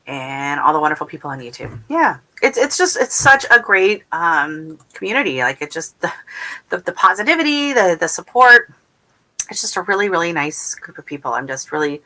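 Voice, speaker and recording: Chatty woman hosting a livestream. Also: fairly low pitch. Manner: rambling, warm chatter full of fillers and restarts. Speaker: gardening channel host. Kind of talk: casual livestream chat, reading viewer comments. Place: at home.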